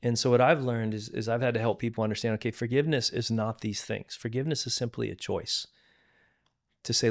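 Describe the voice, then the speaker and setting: A middle-aged man, a pastor, tells a personal story as a podcast guest. His voice sits in a plain middle pitch. He speaks earnestly and often restarts his sentences. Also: fairly even intonation, brisk, gravelly. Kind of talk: candid testimony in conversation.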